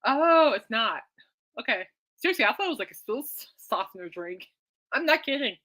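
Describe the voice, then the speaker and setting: A woman's voice: fairly high pitch, very animated, moderate pace, sharp tone. A woman hosting a podcast in casual, rambling chat, giggly and reacting to listener comments. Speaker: podcast host.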